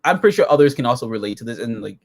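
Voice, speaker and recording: A man co-hosting a casual episode review, profane and excitable, jumping into silly quoted voices. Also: medium pitch, rapid-fire.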